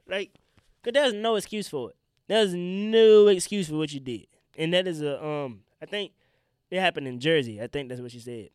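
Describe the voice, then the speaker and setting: A man's voice: high-pitched, lively intonation, normal speed, no echo. Young guy ranting solo on his podcast, cussing a lot, kinda stuffy from allergies, dry close mic. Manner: blunt, profane, heated and rambling. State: sick, congested from pollen. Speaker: podcast host and stand-up comedian.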